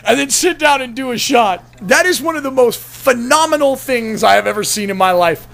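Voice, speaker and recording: A man's voice: extremely high pitch, lively intonation, normal speed, vocal fry, few pauses, a bit bright. A man telling a long personal story in a casual, rambling vlog, swearing freely and breaking into laughter as he goes. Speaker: vlogger.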